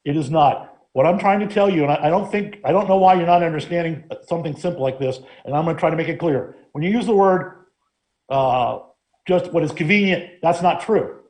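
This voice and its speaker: Firm, mellow-voiced male law director. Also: fairly high pitch, a little fast. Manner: firm, defensive, lawyerly. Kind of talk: council meeting debate.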